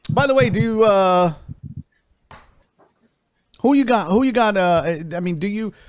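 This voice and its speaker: High-voiced joking sports talk host. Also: male voice, measured pace, smooth. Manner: joking, rambling, drifts into bits.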